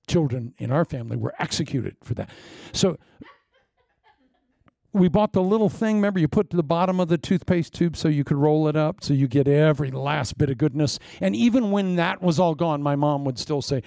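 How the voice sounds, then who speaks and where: A man delivers a sermon in a gravelly, warm low-lit voice. He mixes dry, self-mocking humor into his preaching and swings between forceful emphasis and hushed asides. The sound is close and dry. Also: lively intonation, fairly quick, no echo. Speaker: pastor.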